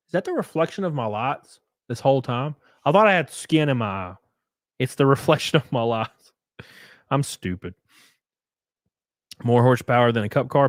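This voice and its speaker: A man's voice: medium pitch, dry recording, studio quality. Loose, profane male streamer. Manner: loose and profane, effusively thanking viewers. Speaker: streamer and race car driver. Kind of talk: casual livestream chat reading viewer comments.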